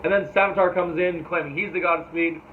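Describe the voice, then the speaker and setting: Casual male reviewer with a higher voice, loose and foul-mouthed, tinny phone-like sound. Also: fairly even intonation, fast talker. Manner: rambling and profane, sometimes mimics characters. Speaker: TV show reviewer. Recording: tinny phone-like audio with faint noise.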